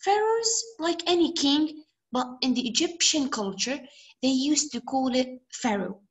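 A woman's voice: high-pitched, animated, measured pace, poor audio. A young woman with a Levantine Arabic accent, patiently explaining English words with examples, and giving an Arabic gloss now and then. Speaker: English teacher. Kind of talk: vocabulary lesson.

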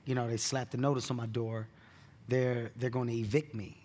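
A man who is a comedian, telling stories in an onstage keynote interview with animated delivery and bursts of laughter. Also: mid-range voice, moderate pace. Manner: animated storyteller, laughs at his own story. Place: conference stage.

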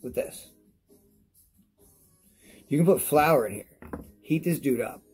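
A man reviewing products on his vlog in a rambling, profane rant to camera while he is high, repeating himself as he talks. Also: slow pace, darkish tone, faint music behind.

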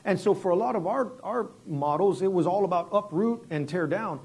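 A middle-aged man preaching as a guest pastor, telling stories conversationally with many restarts and sudden hushed moments. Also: high voice, expressive, moderate pace, husky. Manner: conversational, repeats words and restarts, drops quiet for dramatic story moments. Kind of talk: sermon with storytelling.

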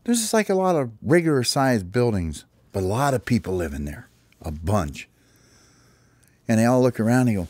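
A man's voice: mid-range voice, very animated, normal speed, darkish tone, no room sound. A father making up a children's story as he goes, rambling and restarting with "well, anyway".

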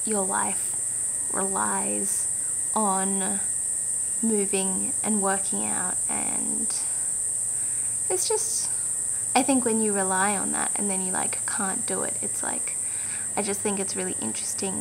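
A woman's voice: mid-range voice, creaky, a little hiss or hum, low-quality recording. A young woman vlogger rambling casually with lots of fillers, often half-whispering. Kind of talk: casual vlog talk. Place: outdoors by a bush with cicadas. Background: insects and cicadas.

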